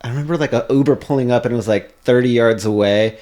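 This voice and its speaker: A man hosting a casual podcast, telling sassy, animated stories. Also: medium pitch, quick pace. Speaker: podcast host.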